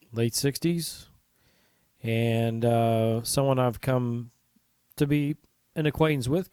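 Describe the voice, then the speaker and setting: A man's voice: medium pitch, a little mellow, no room sound. A man hosting his own podcast, talking casually and earnestly to listeners, rambling with asides and restarts. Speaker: podcast host. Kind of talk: casual solo podcast talk.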